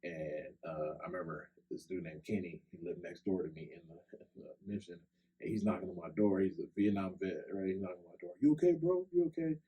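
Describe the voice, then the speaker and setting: Very deep-voiced man telling a story. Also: flat delivery, fast talker, warm tone, poor audio. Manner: loose, conversational, many "like" and "right?" fillers. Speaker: podcast co-host. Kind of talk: casual storytelling chat. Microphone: podcast microphone.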